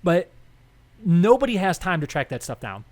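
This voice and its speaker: A young man co-hosting a casual podcast, his voice sitting a little high for a man. He rambles and restarts as he goes, and he acts out the people in his stories with lively quoted dialogue. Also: moderate pace. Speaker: podcast co-host. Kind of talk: casual political chat.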